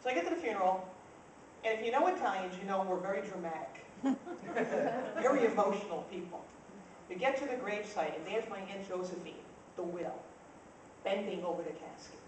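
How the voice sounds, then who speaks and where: A woman's voice: mid-range voice, lively intonation, fairly quick, pauses often. Brash profane woman comic from New Jersey. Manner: brash, profane, punchy storytelling. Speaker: stand-up comedian. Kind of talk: stand-up comedy set. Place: club room with a laughing audience. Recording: distant, echoey live-room recording. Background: loud crowd laughter and noise.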